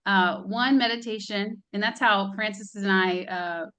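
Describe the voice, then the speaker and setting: Casting: upbeat female podcast host, bright clear tone, chatty. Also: mid-range voice, steady tone, a little slow. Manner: chatty, upbeat, fillers like "like" and "you know". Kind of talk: casual interview chat.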